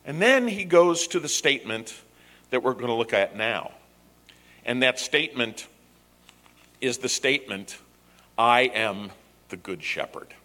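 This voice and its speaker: Male pastor, animated storyteller, bright tone, reverberant sanctuary. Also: mid-range voice, measured pace. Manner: animated storytelling with paraphrased dialogue. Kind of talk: sermon. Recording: echoey hall reverb.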